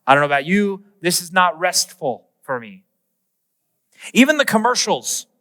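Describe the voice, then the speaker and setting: A male pastor preaching a humorous, animated sermon, acting out little everyday scenes. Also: high voice, moderate pace, big-room sound.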